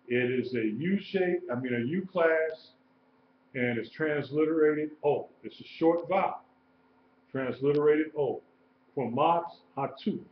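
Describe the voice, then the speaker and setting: Slow, patient man teaching in a roomy class. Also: on the high side, slight background noise. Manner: patient, repeats terms and spells them out. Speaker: Hebrew teacher. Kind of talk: classroom lecture, live-streamed. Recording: roomy, dull lo-fi live stream.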